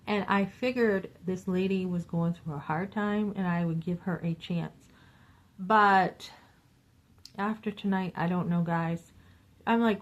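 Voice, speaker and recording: Animated woman venting in a vlog. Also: mid-range voice, measured pace, muffled recording. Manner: animated, acts out quoted dialogue; exasperated, venting. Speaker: vlogger. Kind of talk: casual storytime vlog.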